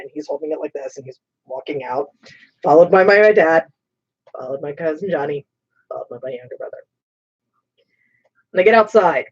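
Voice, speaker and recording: Woman streamer, lively swooping delivery, casual storytelling, slightly dull lo-fi audio. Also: mid-range voice. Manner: animated, expressive storyteller who swears casually. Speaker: streamer host. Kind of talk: casual storytelling while painting.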